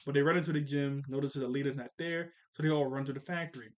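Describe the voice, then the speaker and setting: A man's voice: medium pitch, fairly even intonation, fast. A man casually recapping a cartoon episode scene by scene, laughing often as he goes. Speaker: cartoon reviewer.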